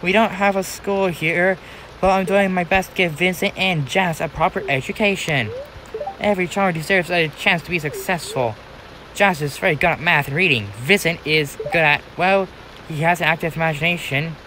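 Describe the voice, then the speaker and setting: A man's voice: a little high, normal speed, bright, forceful tone, a little hiss or hum, low-quality recording. A man reading aloud the lines of an earnest young woman who teaches village children, in a plain game-dialogue read.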